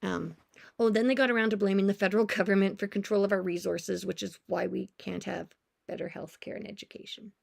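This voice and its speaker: A woman talks through her notes in a loose, sarcastic, conversational way. Her mid-range voice carries a heavy gravelly fry, and she drops wry self-aware asides as she goes. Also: medium pitch, steady tone, a little fast. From Canada. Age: 40s. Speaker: music teacher and vlogger. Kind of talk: casual commentary on her notes.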